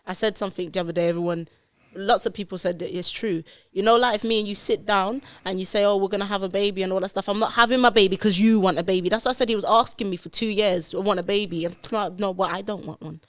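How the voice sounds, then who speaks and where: Woman guest, animated storyteller, dry close studio sound. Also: mid-range voice, fast talker, no room sound. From London, England. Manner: animated, acts out dialogue in her story. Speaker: podcast guest. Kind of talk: candid personal storytelling.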